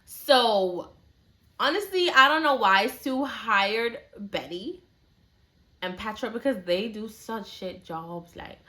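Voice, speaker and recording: Bright-voiced woman telling a chatty story. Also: on the high side, expressive, slow pace. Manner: chatty, slangy, lots of "like" fillers. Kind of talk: casual storytime chat.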